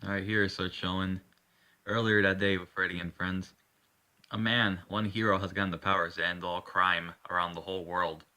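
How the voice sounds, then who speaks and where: Low-pitched man with a very bright, forceful tone, rambling loosely through an improvised story. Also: level tone, normal speed. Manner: rambling, swears, restarts and self-corrections. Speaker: storyteller narrating his own hero story. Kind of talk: casual improvised narration.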